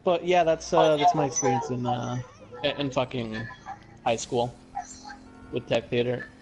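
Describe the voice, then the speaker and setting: A young man hosting a podcast, ranting casually with lots of swearing and halting restarts. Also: mid-range voice, fairly even intonation, music in the background, low-quality recording. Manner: profane, rambling, heated ranting. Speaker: podcast host.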